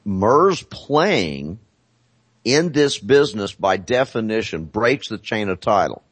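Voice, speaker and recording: Man, low voice, dry close sound, deliberate, emphatic repetition. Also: no echo. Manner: deliberate, repeats phrases for emphasis. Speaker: guest on a talk show. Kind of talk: emphatic conversational explanation.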